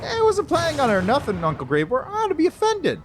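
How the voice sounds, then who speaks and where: A man's voice: very high-pitched, wildly swooping pitch, fast, slight background noise, pitched above the performer's own voice, full character voice. A man doing a cheeky young male thief.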